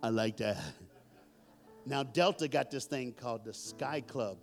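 Faint music sits behind a middle-aged man speaking a little slowly in a mid-range voice. He preaches a storytelling sermon in a church hall to a live audience, animated and joking, calling out to the congregation.

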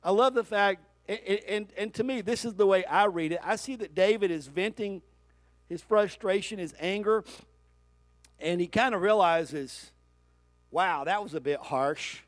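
A man's voice: sits high, normal speed, no echo. A man preaching a sermon as pastor, talking straight to his congregation and calling for their responses.

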